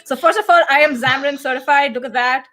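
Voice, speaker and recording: Woman doing put-on Boston accent, giggly impostor host, a bit high. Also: quick pace. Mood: playful excitement. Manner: playful, giggly, excited. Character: woman posing as the show's usual host, faking a Boston accent. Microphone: video call.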